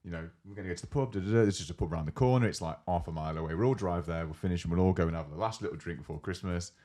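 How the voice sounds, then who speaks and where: A young man with a low, deep voice chats on a casual podcast. He tells workplace stories with gusto, acting out his coworkers' lines and swearing freely. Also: rapid-fire, warm tone. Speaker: podcast co-host. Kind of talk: casual chat.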